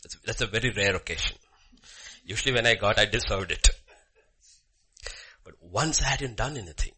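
A man preaching a sermon with a personal story, swinging from loud emphasis to hushed murmurs. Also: lowish voice, animated, moderate pace, breathy edge. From Bhutan.

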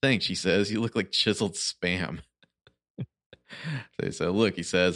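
A man's voice: deep voice, unhurried, long pauses, fairly bright tone, no echo, clean studio sound. A man co-hosting a book podcast, reading passages aloud in casual chat and laughing often. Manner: reads quotes with loose playful voices, laughs often.

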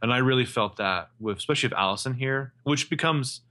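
A man co-hosting a casual podcast, recapping a TV episode with a chatty manner, quick asides and frequent laughs. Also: mid-range voice, bright, forceful tone. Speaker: podcast co-host.

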